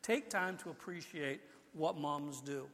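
An older male pastor delivers a casual, chatty sermon, his voice sitting a touch high for a man. He restarts phrases often as he talks, and his words ring out with a long reverb through the church sanctuary. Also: a little slow, fairly bright tone. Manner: conversational preaching with frequent restarts.

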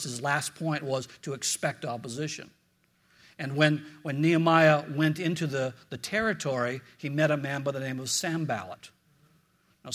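A man preaching a sermon as a pastor, earnest and storytelling, often repeating words and dropping low and quiet for prayers.

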